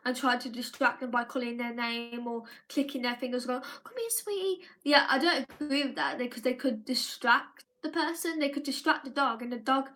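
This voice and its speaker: Bright high-voiced woman vlogging. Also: fairly even intonation, a little fast, few pauses. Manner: rambling, with frequent restarts and "like". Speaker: live vlogger. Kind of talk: casual live-stream monologue.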